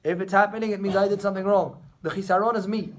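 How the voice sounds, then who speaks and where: A man's voice: sits high, fairly even intonation, fast, a little hiss or hum. A man, a rabbi, giving an informal class to a small group of students, talking conversationally and turning to them directly. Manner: conversational, addresses students directly, acts out quotes. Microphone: camera recording the class.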